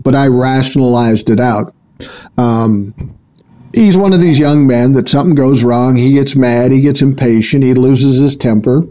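Guesting on a podcast, an older man from Minnesota keeps things relaxed, speaking in an unhurried, understated and even way during casual conversation. The recording is rough.

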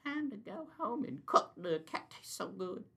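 Man putting on a crude mocking voice, high pitched, wildly swinging pitch. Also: big pitch swings, normal speed, creaky, bright, forceful tone, slightly rough, full character voice.

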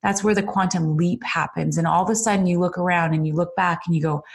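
A woman's voice: lowish voice, fairly even intonation, fast talker, gravelly. A middle-aged woman hosting her own podcast, talking off the cuff in an earnest, emotional motivational monologue full of fillers and repeated "you guys". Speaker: podcast host and business coach. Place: indoors at a computer. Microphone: computer mic.

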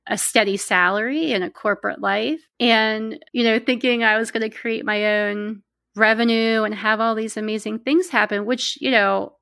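A woman, a guest telling personal stories in a lively, casual way, laughing now and then. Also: a little high, normal speed, gravelly, no room sound. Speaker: interview guest. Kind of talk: casual storytelling.

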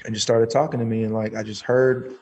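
Animated, profane man telling a story. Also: lowish voice, fairly quick, gravelly. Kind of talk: casual storytelling.

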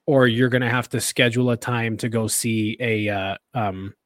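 A man co-hosting a podcast, telling a story in a casual, animated, rambling way full of restarts and laughter. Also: mid-range voice, normal speed, no room sound. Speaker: podcast co-host.

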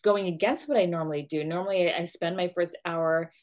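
A woman's voice: on the low side, fairly even intonation, a little fast, darkish tone. A woman who runs her own business, talking earnestly and emotionally as a podcast guest, with frequent restarts. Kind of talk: casual podcast chat.

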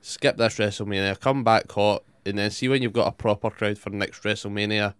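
Brief: young man, low smooth voice, dry close sound, blunt casual chatter. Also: fairly even intonation, fairly quick, no room sound. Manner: sweary, blunt, opinionated. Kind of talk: casual chat.

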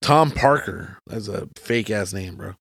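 A man's voice: fairly low pitch, expressive, unhurried, gravelly, fairly bright tone, breathy edge, no room sound, clean studio sound. A young man as a podcast guest, chatting casually and enthusiastically, full of slang. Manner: slangy, enthusiastic, says bro a lot. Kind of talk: casual chat.

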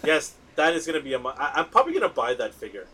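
Excitable man rambling through a movie chat. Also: on the high side, very fast, slight background noise, poor audio. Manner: excitable, rambling with many fillers. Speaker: podcast host.

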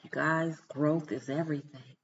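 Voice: medium pitch, fairly even intonation, normal speed, slight background noise. Emphatic vlogger on dull lo-fi audio. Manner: emphatic, repeats points for stress, preachy. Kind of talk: emphatic motivational talk to camera.

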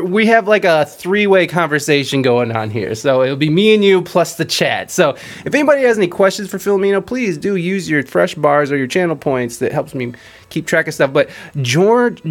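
A man hosting a podcast livestream, chatting casually and rambling, with frequent laughs. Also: sits high. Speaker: podcast host.

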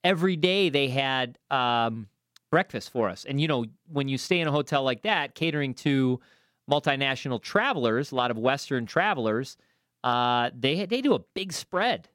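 A man co-hosting a podcast in casual banter, playful and exuberant, breaking into loud showman-style bursts. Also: medium pitch, animated, normal speed, no room sound, studio quality. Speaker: podcast co-host.

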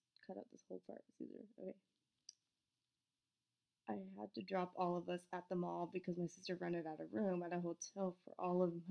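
A woman's voice: medium pitch, vocal fry, lo-fi sound. A woman hosting a casual podcast, stumbling over her words, correcting herself and apologizing into a desk microphone. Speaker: podcast host. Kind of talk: casual podcast narration with outtakes.

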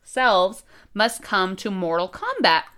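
A woman's voice: mid-range voice, sing-song, slow, fairly bright tone, clear, resonant tone. A young woman in casual chat, playful and joking, laughing often as she reads aloud.

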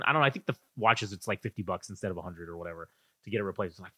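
A man's voice: low voice, rapid-fire, slightly rough, no room sound. Podcast guy ranting, swears nonstop, voice jumps all over, dry mic. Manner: profane, animated ranting storyteller. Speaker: podcast co-host. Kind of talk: casual ranting chat.

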